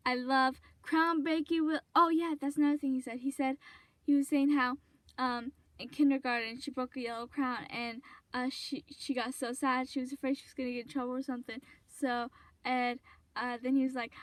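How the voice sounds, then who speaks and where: Woman vlogger, high pitched, dry close sound, casual rambling fan chatter. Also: steady tone, a little fast, dry recording. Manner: rambling, gushing retelling with many fillers. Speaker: fan video host. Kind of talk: casual fan commentary vlog.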